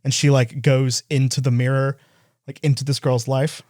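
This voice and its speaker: A man co-hosting a movie podcast in casual chat, rambling quickly and laughing as he tells stories. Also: mid-range voice, level tone, a little mellow, no room sound, studio quality. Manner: fast, rambling, laughs while telling stories. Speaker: podcast co-host.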